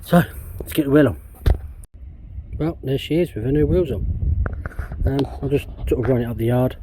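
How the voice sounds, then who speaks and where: Working on his van outside, an English DIY van customizer rambles through a casual vlog, laid-back and swearing frequently. He has a mellow, mid-range voice at a moderate pace, with slight background noise.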